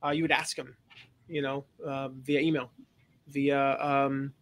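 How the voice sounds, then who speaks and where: A man's voice: medium pitch, flat delivery, a little slow, a bit bright. A man hosting a casual webinar, rambling with lots of fillers and laughing at himself. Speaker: host.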